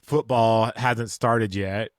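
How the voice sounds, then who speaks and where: A man's voice: lowish voice, steady tone, takes it slowly, no echo. Middle-aged guy on a podcast, easygoing and self-mocking, dry close mic. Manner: joking, self-deprecating. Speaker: podcast co-host. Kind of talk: casual chat.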